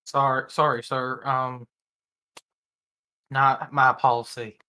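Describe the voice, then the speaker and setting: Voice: medium pitch, little pitch movement, takes it slowly, sharp tone, voice pushed down. A game master voicing a polite, apologetic male animal merchant who is picky about buyers.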